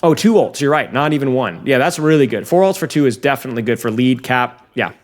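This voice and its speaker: In casual commentary, a man walks viewers through a match review, speaking directly to them and growing excited whenever plays swing. His voice sits at a medium pitch, and he talks fast.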